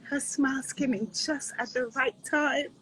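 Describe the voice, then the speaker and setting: A woman's voice: high-pitched, fairly even intonation, unhurried, fairly bright tone, a little hiss or hum, poor audio. A woman in her thirties, a guest sharing a heartfelt casual chat, earnest and reflective, often asking "right?". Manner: earnest, reflective, repeats phrases, says "right?".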